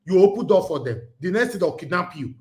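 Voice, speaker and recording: A man's voice: high voice, very animated, quick pace. A man with a Nigerian accent hosting a live-stream call-in show, ranting heatedly and mixing Pidgin with English. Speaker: talk show host. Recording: roomy echo.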